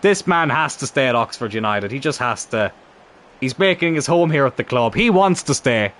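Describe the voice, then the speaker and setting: A man commentating his own football management game, cheering and shouting when goals go in. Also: medium pitch. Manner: excitable, shouts at goals, laughs. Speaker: gaming YouTuber.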